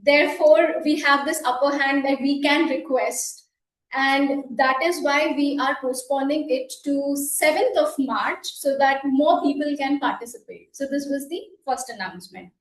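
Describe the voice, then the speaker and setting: Brief: woman facilitator, high-pitched and encouraging, recorded from afar in an echoey room with faint ambience. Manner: encouraging, deliberate delivery. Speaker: meeting facilitator. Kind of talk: club meeting, leading an exercise. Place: meeting room. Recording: echoey room, mic at a distance.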